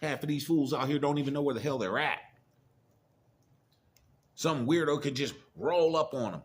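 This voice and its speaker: A man's voice: on the high side, moderate pace. A middle-aged man giving a profane, preachy monologue of blunt warnings in casual rant style. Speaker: commentator.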